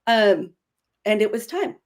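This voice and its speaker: A woman in her forties, a podcast guest, speaks earnestly in candid conversation at a medium, sing-song pitch. She talks in quick bursts, correcting herself as she goes.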